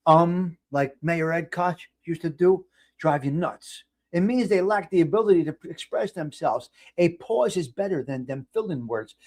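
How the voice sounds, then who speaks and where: A man hosting a casual live stream, talking in a blunt, rambling way with frequent restarts. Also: sits high. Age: 50s. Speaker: host.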